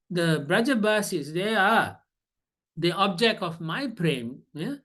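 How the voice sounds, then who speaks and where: A man's voice: high-pitched, lively intonation, slow pace, a bit bright, heavily acted. A man voicing a young divine cowherd boy overwhelmed with love, in a raised storyteller's quoting voice. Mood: wondering.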